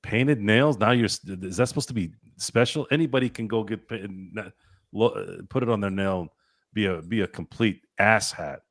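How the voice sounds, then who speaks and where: A man's voice: fairly low pitch, normal speed, dry recording, studio quality. A man co-hosting a casual sports podcast, ranting bluntly and opinionatedly, with casual swearing. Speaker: podcast co-host.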